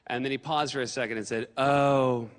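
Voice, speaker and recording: A man's voice: medium pitch, racing, in a large hall, very noisy. A man performing stand-up comedy on a theater stage, telling stories and acting out the quotes. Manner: animated storytelling with acted quotes.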